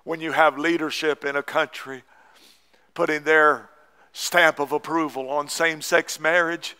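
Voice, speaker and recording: A man pastor, preaching a fervent sermon that rises into shouts. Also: on the high side, fairly even intonation, measured pace, clear, resonant tone. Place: church sanctuary.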